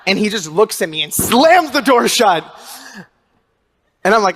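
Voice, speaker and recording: Animated young man telling a story. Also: sits high, moderate pace. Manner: animated storyteller, acts out his own shouts. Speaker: author and speaker. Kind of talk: storytelling talk to an audience.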